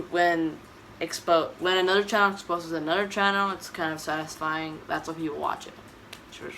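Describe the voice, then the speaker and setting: A woman's voice: deep voice, gravelly, fairly bright tone, slight background noise, low-quality recording. A woman with a Texan accent rambling through an opinionated casual vlog, tired and correcting herself often. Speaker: YouTube vlogger. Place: indoor room, dim lighting.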